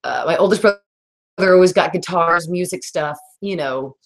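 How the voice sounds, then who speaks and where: A woman, hosting a casual livestream chat, rambling and reading out viewer comments in a raspy voice. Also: lowish voice, normal speed. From Texas. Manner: rambling, laughs often, reads viewer comments. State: raspy today. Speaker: livestream host.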